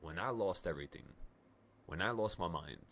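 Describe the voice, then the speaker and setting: A man's voice: sits low, expressive, normal speed, fairly bright tone, a little hiss or hum. A man in his twenties, a trading streamer telling a story in casual livestream talk, stammering and swearing as he goes.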